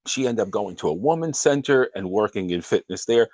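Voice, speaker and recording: A man with a low-pitched voice hosts his show, earnestly retelling a counseling client's story in a steady, conversational way. His voice sits close and dry, with no room sound around it. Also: a little fast, no echo. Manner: earnest storytelling, frequently breaking into quoted dialogue.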